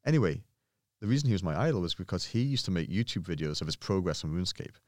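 A young man, a podcast guest, telling animated stories in casual chat, full of fillers and swearing. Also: low voice, quick pace, no echo, clean studio sound. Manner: animated storyteller, swears freely, many fillers. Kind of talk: casual storytelling.

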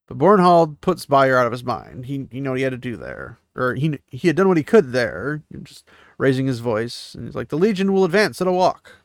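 Mixing reading with offhand remarks, this man paraphrases the story in a casual chapter recap for his book series show. His mid-range voice swings widely in pitch at a moderate pace, recorded in clean studio sound without room sound.

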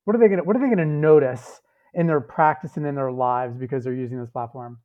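A man's voice: medium pitch, quick pace. A man hosting an interview podcast, enthusiastic and asking follow-up questions. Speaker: podcast host. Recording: tinny phone-like call audio.

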